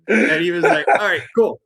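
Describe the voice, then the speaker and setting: Man, podcast guest, lively storytelling, acts out voices, laughs a lot. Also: mid-range voice. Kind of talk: storytelling interview.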